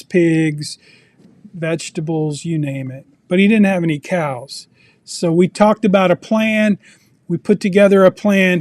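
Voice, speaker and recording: High-voiced man teaching finance with questions. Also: a little mellow, no echo. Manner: asks the audience questions, storytelling. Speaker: personal finance presenter. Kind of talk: interactive teaching talk. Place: video meeting.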